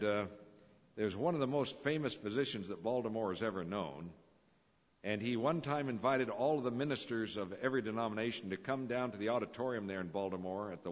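A man preaching a sermon, telling stories with dramatic, swelling emphasis. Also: on the low side. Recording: dull lo-fi recording in a reverberant hall.

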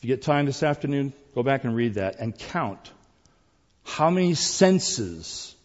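A middle-aged man preaching a sermon, emphatic and repetitive, swinging between loud and quiet phrases. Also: medium pitch, sing-song, measured pace. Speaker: pastor. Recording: dull sound with long hall reverb.

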